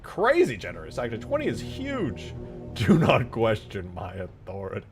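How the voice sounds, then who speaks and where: A man hosting a casual livestream, joking, swearing, and loudly thanking viewers for gifts. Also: fairly low pitch, moderate pace, over music. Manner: excitable, yells in thanks for gifts. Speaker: livestream host.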